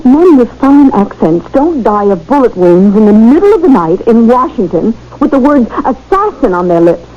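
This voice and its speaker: An actress playing an animated woman friend with spy theories in a 1970s radio drama. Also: a little high. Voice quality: quick, animated. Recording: dull old radio broadcast.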